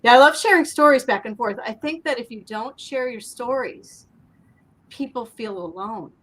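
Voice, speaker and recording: A woman's voice: fairly high pitch, moderate pace, fairly bright tone, a little hiss or hum, rough recording. A woman hosting an interview, chatty and enthusiastic as she shares her own stories. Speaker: host. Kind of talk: casual interview chat.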